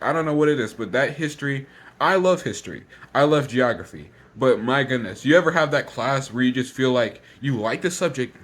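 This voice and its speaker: A teenage boy vents in a casual vlog, words tumbling out in a rush and circling back on themselves. He sounds a little out of breath and thoroughly exasperated, with a voice sitting at an ordinary pitch for his age. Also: fairly bright tone. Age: teens. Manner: rushes words out, exasperated and repetitive. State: slightly out of breath. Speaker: vlogger.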